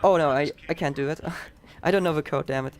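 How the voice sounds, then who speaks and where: A man's voice: a little high, a little fast. A man with a Dutch accent giving chatty, upbeat live commentary on his own speedrun, explaining as he plays.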